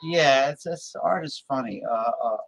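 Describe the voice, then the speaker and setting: A man's voice: medium pitch, a little slow, gravelly, no echo, rough recording. Rambling man in casual chat, dry sound. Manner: rambling, loses his train of thought; loud playful calls to listeners. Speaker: show host.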